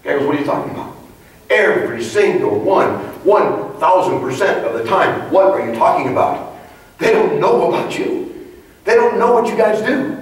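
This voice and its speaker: A man giving a motivational leadership talk to a live audience, telling stories and firing off rhetorical questions. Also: high-pitched. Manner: animated storyteller, punchy rhetorical questions. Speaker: leadership trainer. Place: large conference hall. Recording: echoey hall, mic far off.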